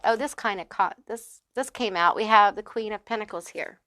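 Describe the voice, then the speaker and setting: A woman's voice: medium pitch, moderate pace, sharp tone, dry recording. A woman giving a casual pick-a-card tarot reading, chatty and emphatic, with frequent fillers. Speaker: tarot reader.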